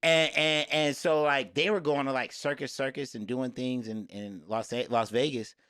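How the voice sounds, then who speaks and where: A man co-hosting a podcast, telling stories in a rambling, animated casual chat. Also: medium pitch, normal speed, clear, resonant tone. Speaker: podcast co-host.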